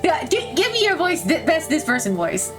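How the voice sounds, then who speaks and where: A woman's voice: high-pitched, big pitch swings, moderate pace, music in the background. A young woman hosting a game playthrough, reading the story aloud and chatting playfully with giggles. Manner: playful, giggly, switches between narrating and chatter. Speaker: let's-play host.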